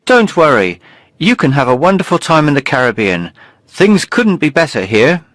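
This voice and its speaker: Young computer whiz, put on by a male storyteller, bouncy lively lines, dry close mic. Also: fairly high pitch, moderate pace, dry recording, pitched above the performer's own voice. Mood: reassuring. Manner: lively, expressive delivery. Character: young male computer expert, confident then worried.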